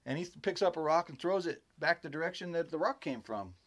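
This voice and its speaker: A man's voice: on the high side, fast talker. Rambling man telling a campfire tale. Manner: rambling and animated, acts out others' exclamations. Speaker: storyteller recounting his own encounter. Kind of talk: casual spoken storytelling.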